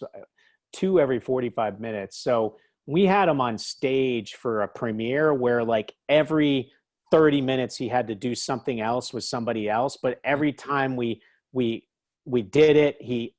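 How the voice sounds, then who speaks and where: A man guest telling lively anecdotes in casual talk, acting out other people in a raised voice. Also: mid-range voice, no room sound. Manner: animated, acts out quotes in raised voice. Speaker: interview guest, author. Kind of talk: casual storytelling.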